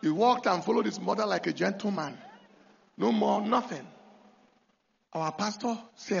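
A man preaching a sermon, telling a story dramatically and bursting into shouted commands. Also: high-pitched, animated, normal speed, gravelly, long pauses. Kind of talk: sermon with testimony. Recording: dull lo-fi recording.

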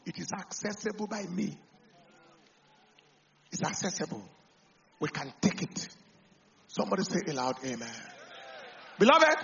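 Nigerian pastor with a high, gravelly voice. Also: male voice, dull audio. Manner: swings from loud preaching to quiet talk, slips into Pidgin. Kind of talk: sermon.

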